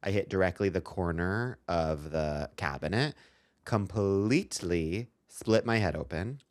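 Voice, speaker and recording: Deep-voiced man telling a rambling story. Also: a little slow, dry recording. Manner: rambling storyteller, self-mocking, many ums. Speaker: podcast co-host. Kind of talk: comedic podcast chat.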